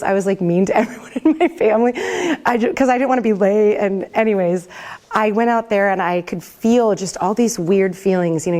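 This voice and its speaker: A woman leads a vocal class in a casual, rambling way, laughing often as she talks. Her voice sits a little low for a woman. She speaks to a group in the room. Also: a little mellow. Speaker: worship pastor teaching a vocal class. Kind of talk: casual teaching talk.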